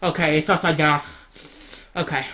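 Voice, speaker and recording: A man giving comedic gameplay commentary in a brash, profane, mock-rude manner, swinging between loud boasts and mumbled asides. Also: a little high, fairly even intonation, moderate pace, slight background noise. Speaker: guest gamer.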